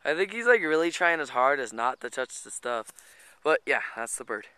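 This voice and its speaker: Man, casual outdoor vlog, bright, rambling, frequent swearing, slightly out of breath, handheld camera. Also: mid-range voice, big pitch swings, moderate pace, clear, resonant tone, no room sound. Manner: rambling, swears a lot, chatty asides. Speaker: vlogger. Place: outdoors in rural hills by a creek.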